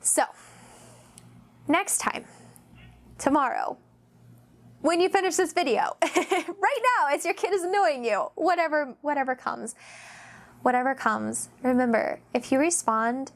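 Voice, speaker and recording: A woman hosting her own faith-based talk, her voice sitting a little high. She rambles through stories with plenty of fillers and brings them to life by acting out the people she quotes. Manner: chatty, rambling storytelling with many fillers; animated, acts out quoted voices. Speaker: mom vlogger, host.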